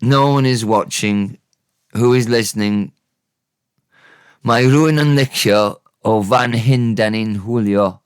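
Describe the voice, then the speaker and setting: A man with a Welsh accent giving a casual spoken language lesson, unhurried and thinking aloud, often correcting himself. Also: mid-range voice, clear, resonant tone, no room sound, clean studio sound.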